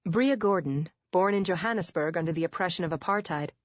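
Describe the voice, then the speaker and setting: A woman with a lowish voice narrates a first-person audiobook, measured and quietly wry. The sound is dry and a little dull, with no room around it. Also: no echo. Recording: dull dry studio read.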